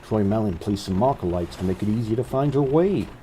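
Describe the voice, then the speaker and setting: A man's voice: lowish voice, animated, brisk, mellow, a little hiss or hum, natural voice, poor audio. A man voicing a friendly male assistant lighthouse keeper in a game, with a made-up American twang that sounds a bit like Kermit. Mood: welcoming.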